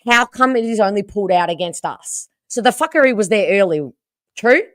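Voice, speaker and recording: An Australian woman hosting a casual livestream, hoarse from losing her voice and chatting with viewers about the game. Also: mid-range voice, a little fast, no echo, clean studio sound. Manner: chatty and animated, reading out viewer comments. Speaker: livestream host.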